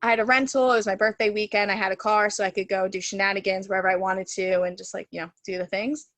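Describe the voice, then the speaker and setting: On a webinar from her home via video call, a female Reiki teacher tells a story casually, her loose talk peppered with "like" and "you know." Her middle-pitched voice is fast and fairly bright with little pitch movement, and the sound is close, dry, and echo-free.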